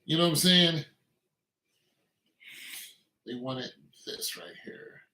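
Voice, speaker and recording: Forceful ranting man, echoey room. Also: fairly high pitch, takes it slowly. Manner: ranting, repetitive, emphatic. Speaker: commentator. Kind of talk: opinionated monologue.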